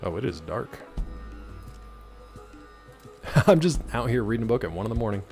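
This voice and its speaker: Over music, a male streamer with a medium pitch and big swings in intonation talks at a moderate pace while gaming. He casually wanders through a story, packing his let's-play commentary with fillers.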